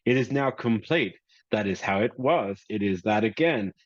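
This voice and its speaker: A man voicing a brittle, obsessive female scholar, speaking slowly and insistently, repeating herself. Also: on the low side, animated, dry recording. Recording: slightly muffled lo-fi mic.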